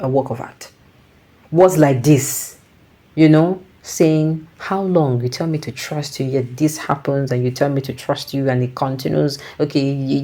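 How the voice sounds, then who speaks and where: A woman's voice: very deep voice, warm tone. A Nigerian woman giving reflective casual commentary, slipping into Pidgin and restarting her sentences.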